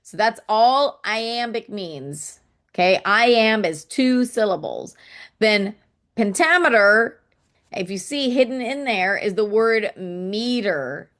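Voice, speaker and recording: A woman's voice: medium pitch, lively intonation, slow pace, a bit bright. A woman explaining poetry to children in a casual teaching manner, often checking in with "okay?" and tapping out rhythms aloud.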